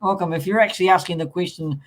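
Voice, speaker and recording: A man's voice: high-pitched, fast talker, a bit bright, low-quality recording. A man with a New Zealand accent hosting a casual live-streamed chat, full of ums and uhs as he welcomes viewers. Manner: hesitant, many ums and uhs, friendly welcoming. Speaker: podcast host.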